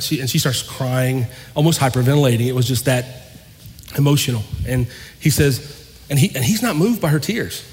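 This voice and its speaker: A male pastor giving a sermon, telling a story in an animated way and acting out the dialogue. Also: mid-range voice, normal speed. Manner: animated, acts out quoted dialogue. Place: church. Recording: long hall reverb, faint noise.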